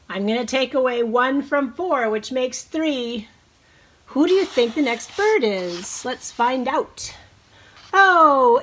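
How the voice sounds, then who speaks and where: Slow, encouraging woman teacher reading aloud. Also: a little high, fairly bright tone. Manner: slow, encouraging, leads bird-call imitations. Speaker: preschool teacher. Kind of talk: reading a picture book aloud to children.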